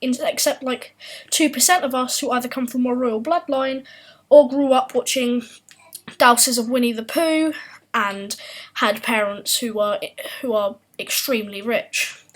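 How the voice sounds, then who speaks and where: Wry host, slightly husky. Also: female voice, a little high, steady tone, unhurried, low-quality recording. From United Kingdom. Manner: wry, self-mocking, sarcastic asides. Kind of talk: comedic scripted explainer.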